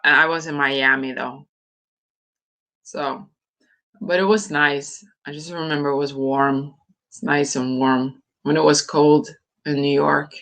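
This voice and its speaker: Slow, chatty woman with a bright voice. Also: low-pitched. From Norway. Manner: rambling, chatty, frequent fillers and laughs. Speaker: live-stream host. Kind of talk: casual live-stream chat.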